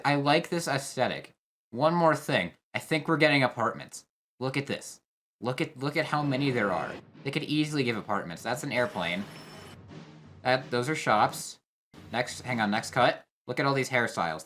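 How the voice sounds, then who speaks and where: Commenting casually over a game trailer, a young competitive player thinks out loud, full of fillers and restarts. He talks at normal speed in an animated, medium-pitched, slightly bright voice.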